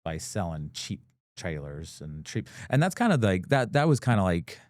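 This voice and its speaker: A man's voice: sits low, very animated, normal speed, darkish tone, dry recording, studio quality. A man, a business owner and guest, telling his story in a casual, rambling way with many fillers and acted-out quotes. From United States. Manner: rambling, full of "like" fillers, acts out quoted dialogue.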